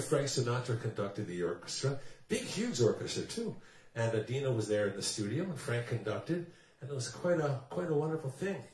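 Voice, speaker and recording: A man hosting his own music show, chatting between songs in a jokey, playful, rambling way. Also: on the high side. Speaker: singer and show host. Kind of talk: casual stage patter between songs. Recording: roomy sound from a distance with music behind.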